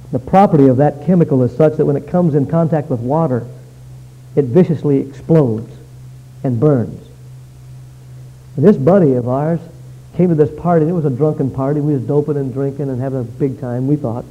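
A man preaching an evangelistic sermon, telling a story and swinging from hushed to loud. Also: on the high side, phone-quality sound.

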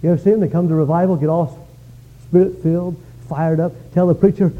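A male pastor preaching a sermon, telling stories with lively swings from quiet to shouting. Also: sits high, fairly quick. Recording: dull lo-fi sound.

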